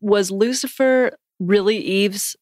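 A woman's voice: medium pitch, slow, darkish tone, dry recording, clean studio sound. A woman co-hosting a comedy podcast, reacting with wry, teasing remarks. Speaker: podcast co-host. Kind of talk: casual comedic chat.

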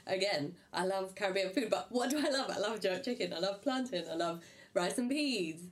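A woman from South London, chatting casually on a podcast and cutting in with quick questions. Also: mid-range voice. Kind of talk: casual chat.

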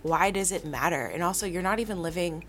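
A woman's voice: fairly low pitch, quick pace, fairly bright tone, slight background noise. A woman co-hosting a casual podcast, chatty, asking questions and chiming in often. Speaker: podcast co-host. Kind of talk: casual conversation.

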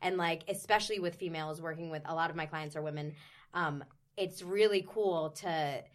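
Chatty young woman trainer, lowish voice. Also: moderate pace. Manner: enthusiastic, chatty, frequent fillers. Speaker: personal trainer and former performer. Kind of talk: casual podcast chat.

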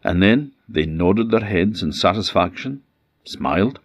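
Brief: Orcadian Scottish male storyteller, very deep voice, lively and wry, close dry mic, slightly dull sound. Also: measured pace, no room sound. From Orkney, Scotland. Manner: animated, wry, conversational. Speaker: traditional storyteller. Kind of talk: oral folktale storytelling.

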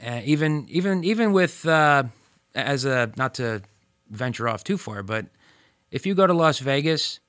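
A man interviewed as a former student, telling stories with lively acted-out quotes. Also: medium pitch, moderate pace, no echo, clean studio sound. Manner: animated, acts out quoted voices. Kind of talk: storytelling interview.

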